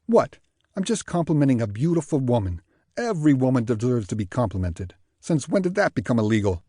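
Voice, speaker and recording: A man's voice: mid-range voice, very animated, dry recording, clean studio sound. Man doing a grumpy old New York jazzman. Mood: grumbling. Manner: loud, grumbling, quick retorts.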